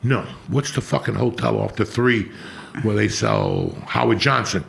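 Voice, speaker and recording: Gravelly, profane middle-aged man telling stories. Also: on the low side, wildly swooping pitch, unhurried, fairly bright tone. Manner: profane, blunt street storytelling. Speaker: podcast host. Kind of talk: casual storytelling chat.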